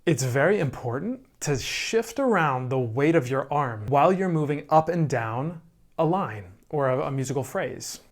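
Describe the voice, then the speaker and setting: A man teaching piano, calmly explaining phrasing and often checking in with "right?". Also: on the high side. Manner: calm, slow explaining with frequent "right?" checks. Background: piano playing.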